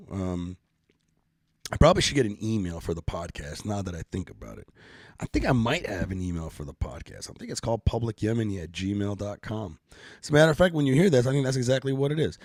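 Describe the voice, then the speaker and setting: A man's voice: mid-range voice, a little mellow, no echo, clean studio sound. A middle-aged man hosting a casual live-stream podcast, joking around in loose, profane banter. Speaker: podcast host.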